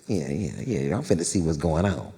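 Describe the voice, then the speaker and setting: A male comedian playing his brash, profane, streetwise middle-aged father, who talks in loud slang and cusses. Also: a bass voice, big pitch swings, moderate pace, vocal fry, long reverb tail, voice pushed down, exaggerated voice. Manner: loud, cussing, slangy, swaggering.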